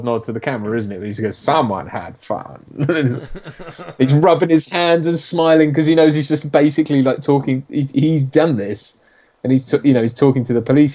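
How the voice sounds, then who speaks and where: A man talking films with a friend on a casual podcast, his voice a touch muffled and lo-fi. He chats loosely, laughs often and mimics lines from the movie, with a middle-pitched tone. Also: fast talker, warm tone. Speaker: podcast co-host. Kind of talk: casual film commentary chat. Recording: slightly dull lo-fi audio.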